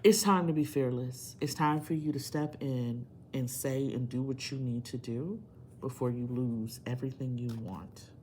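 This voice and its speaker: A woman's voice: rumbling low, steady tone, normal speed, mellow, slight background noise. Earnest woman giving a tarot reading. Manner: earnest, emphatic, preachy pep talk. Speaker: tarot reader. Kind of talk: casual tarot reading video.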